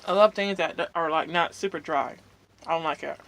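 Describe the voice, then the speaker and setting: A mukbang vlogger, a woman with a low-sitting, fairly bright voice, talks briskly and casually while she eats. She rambles and vents, dropping plenty of fillers and contented hums between bites.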